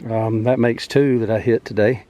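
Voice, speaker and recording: A man's voice: on the low side, steady tone, normal speed, warm tone. A man, out of breath, rambling easily and with many fillers as he walks through his vegetable garden outdoors. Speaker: farm vlogger. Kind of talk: casual garden walkthrough.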